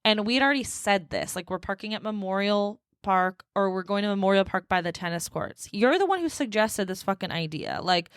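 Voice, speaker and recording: A woman's voice: mid-range voice, animated, fairly quick, few pauses, smooth, dry recording, studio quality. A young woman hosting a solo podcast, telling a dating story in a sassy, exasperated way and laughing often. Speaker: podcast host.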